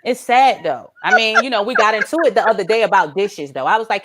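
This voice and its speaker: A woman doing a stand-up comedy set, animated and swinging between low mutters and high exclaims. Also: fast talker, few pauses, heavy background noise.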